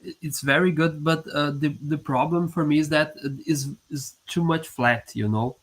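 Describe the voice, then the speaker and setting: A man appearing as a guest programmer on a live stream, speaking haltingly and often repeating words as he starts a sentence. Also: a little high, fairly even intonation, fairly bright tone. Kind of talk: casual live-stream chat.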